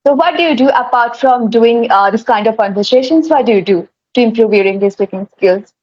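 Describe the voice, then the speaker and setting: Woman, higher voice, earnest host who stumbles and restarts over a dull lo-fi call line. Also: expressive, fairly quick, darkish tone. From India. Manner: earnest, hesitant with many fillers and restarts. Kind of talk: casual conversation practice. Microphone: video call.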